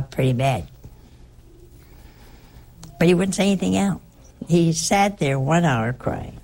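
An older nun tells a personal story, wandering and restarting as she goes. Her voice sits low and has a gravelly fry to it. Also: darkish tone, a little hiss or hum. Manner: rambling, conversational, with frequent restarts.

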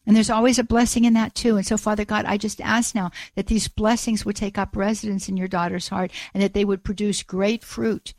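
A woman hosting a call-in radio show, praying aloud for a listener in an earnest, halting way and often repeating her words. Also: medium pitch, flat delivery, a little mellow, no echo. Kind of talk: prayer and call-in radio talk.

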